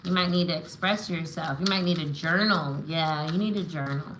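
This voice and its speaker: A woman's voice: low-pitched, normal speed, echoey room, heavy background noise. A woman giving live tarot and oracle readings, affirming and encouraging, often checking in with "right?" and "okay?". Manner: emotional, spiritual encouragement. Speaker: tarot reader.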